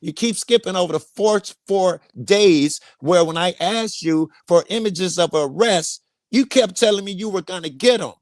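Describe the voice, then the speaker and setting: A man's voice: sits high, moderate pace, hardly any pauses, no echo, clean studio sound. A man co-hosting a podcast, in a heated, profane argument, pressing his partner with repeated questions. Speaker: podcast co-host.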